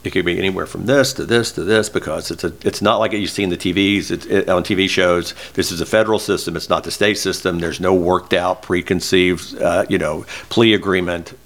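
Low-voiced older man, tearful and candid. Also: steady tone, fairly quick, few pauses. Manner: emotional, candid, close to tears. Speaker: guest. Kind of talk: personal storytelling in an interview.

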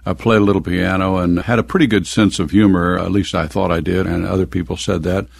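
A man's voice: deep voice, little pitch movement, brisk, vocal fry, breathy edge. An older man from the American Midwest telling stories from his youth in an oral history interview, chuckling now and then.

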